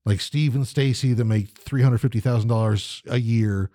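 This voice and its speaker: A man rants through a loose podcast chat, swearing nonstop and slipping into mocking voices of the people he mocks. His voice sits in an ordinary middle pitch. The recording is dry and close, with no room sound. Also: moderate pace, mellow, no room sound. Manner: ranting, swears constantly, mimics people. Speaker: podcast co-host. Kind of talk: profane casual chat.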